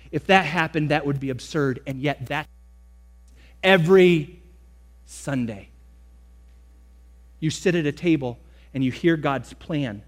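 A young man preaching a sermon as pastor, emphatic, slowing down to stress key words and speeding through asides. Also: fairly high pitch.

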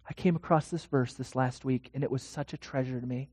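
Preacher, dramatic sermon, hushed to loud, mid pitch, long hall reverb. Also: steady tone, fairly quick. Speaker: pastor.

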